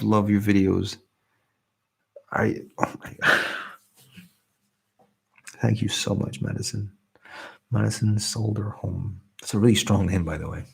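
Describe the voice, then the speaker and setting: Soft-spoken asmr guy chatting on a late-night stream, really husky deep voice, kinda trails off. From born in England, raised in Scotland. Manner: soft, warm and humble, often trailing off. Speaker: ASMR channel host. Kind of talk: soft-spoken live stream chat, reading comments.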